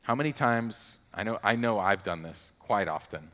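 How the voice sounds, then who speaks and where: A man gives a casual, conversational sermon, talking in a relaxed, chatty way full of storytelling asides. His voice sits on the low side, and long reverb rings around him as if he were in a large hall. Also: moderate pace. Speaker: preacher.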